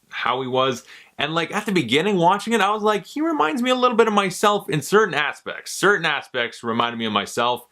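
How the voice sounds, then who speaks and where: Reviewing a movie, a young man keeps things relaxed and offhand, tossing in sarcastic asides and casual swearing. His middling-pitched voice sounds bright and sharp.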